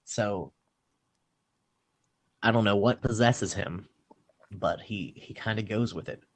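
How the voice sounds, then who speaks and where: Animated man retelling a film. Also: fairly low pitch, slow, slight background noise. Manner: animated storytelling, swearing, acting out lines. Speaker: podcast co-host recapping a film. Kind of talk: casual chat.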